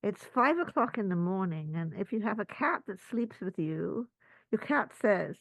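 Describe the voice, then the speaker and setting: A woman's voice: mid-range voice, normal speed, no echo, low-quality recording. A woman spiritual teacher giving a talk to a group, telling stories and acting out little asides. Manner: storytelling with lively acted-out asides.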